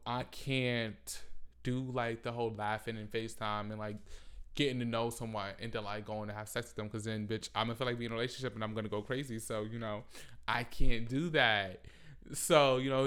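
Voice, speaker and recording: A man with a smooth, resonant voice hosts a casual solo podcast from home. He rants loudly and animatedly, swearing freely and tossing in mocking asides. His pitch sits in an ordinary middle range. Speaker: podcast host.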